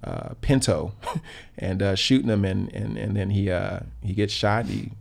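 A man's voice: fairly low pitch, unhurried, creaky, darkish tone. A man in his thirties from South Los Angeles, a podcast guest telling reflective stories in casual talk, full of fillers and restarts. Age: 30s. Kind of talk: casual conversational storytelling.

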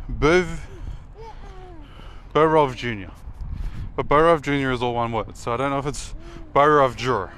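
Outdoors amid the clear traffic of a built-up area, a young Australian man gives casual, rambling commentary as he rates player names. He's chatty, sounds the names out and makes self-mocking jokes, all at an ordinary middle pitch.

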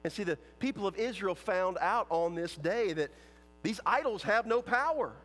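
A man with a high voice preaches a sermon, retelling scripture with playful asides and acted-out quotes. His voice carries a long reverb from the hall around him. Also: moderate pace. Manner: storytelling preacher, animated and playful, acts out quotes. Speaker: pastor.

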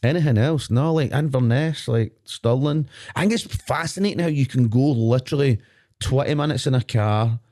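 A man's voice: mid-range voice, normal speed, dark tone. A Glaswegian man co-hosting a podcast, rambling and swearing playfully in casual chat in a studio. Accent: Glaswegian Scottish. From Scotland. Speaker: podcast co-host.

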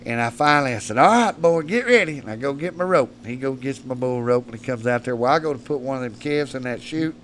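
A man's voice: medium pitch, fast, few pauses, fairly bright tone, a little hiss or hum. A man, a podcast guest telling rowdy, profane stories and laughing as he goes. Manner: profane, laughs mid-story. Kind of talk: rowdy storytelling.

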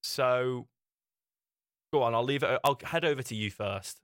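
A man's voice: medium pitch, a little slow, a bit bright, dry recording, studio quality. A young man hosting a podcast, chatting casually and often restarting his sentences. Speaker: podcast host. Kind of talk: casual chat.

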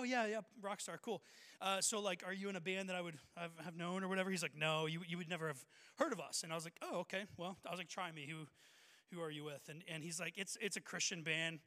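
A young man preaching a sermon as a pastor, telling a personal story with lively acted-out voices. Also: high voice. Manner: energetic storyteller, acts out voices of people in the story. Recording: long hall reverb.

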